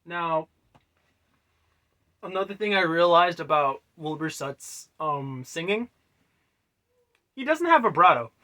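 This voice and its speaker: A man casually explaining how he made his own song, rambling loosely with many fillers and quiet trailing asides. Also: fairly high pitch, animated, slow, pauses often. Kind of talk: casual music breakdown.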